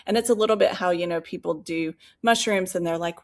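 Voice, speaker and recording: A woman co-hosting a podcast, telling a personal story in casual chat, animated and full of fillers and asides. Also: on the low side, fairly quick, few pauses. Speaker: podcast co-host.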